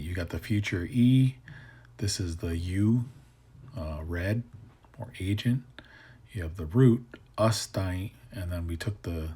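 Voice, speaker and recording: A man's voice: low-pitched, a little mellow, slightly rough. A man teaching language grammar in a casual way, thinking aloud and sometimes dropping to a whisper to say example words. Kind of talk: explaining grammar with slides.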